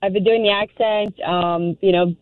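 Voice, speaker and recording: A young woman on a call-in line, talking hesitantly and filling her pauses with ums and giggles. Her voice sits at a middle pitch. The sound is tinny and phone-thin, dry with no room. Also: steady tone, no echo. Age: young adult. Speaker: caller. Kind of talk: casual chat on a call-in show. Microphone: telephone.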